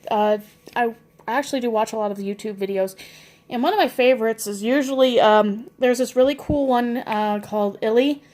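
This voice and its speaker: A woman of about forty with a fairly high voice tells stories casually. She rambles with many ums and uhs and laughs as she goes. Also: a little fast, a little mellow. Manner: rambling, many fillers, laughs while telling. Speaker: vlogger telling stories. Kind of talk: casual anecdotal storytelling.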